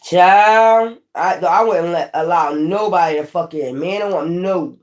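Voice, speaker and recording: A woman's voice: lowish voice, measured pace, darkish tone. A woman giving a casual tarot reading, blunt and profane, who warns the viewer and repeats her points for emphasis. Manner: warning the viewer, repeating herself. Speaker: tarot reader.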